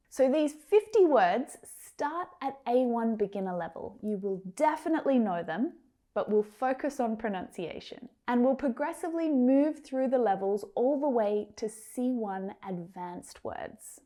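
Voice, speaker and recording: A woman with an Australian accent and a fairly high, mellow voice teaches English pronunciation in a scripted lesson. Each single word is enunciated clearly and carefully, and she addresses learners directly with encouragement.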